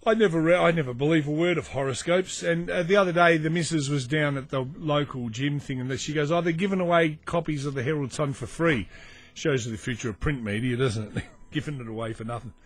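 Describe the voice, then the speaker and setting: Husky-voiced man, mocking. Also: a little high, brisk. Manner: dry, mocking, easily sidetracked. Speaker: comedy podcast host. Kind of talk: rambling comic monologue.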